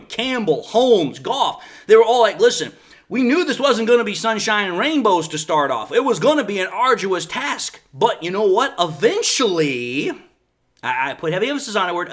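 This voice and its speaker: A man's voice: high voice, fairly bright tone. A man hosting a fan sports show, giving a passionate, emphatic monologue and acting out imagined voices.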